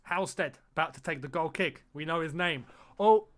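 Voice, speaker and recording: A man hosting a live football watch-along, chatting casually and crying out at the action. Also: a little high. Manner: excitable, chatty, quick to laugh and cry out at the action. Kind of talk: live casual match commentary and chat.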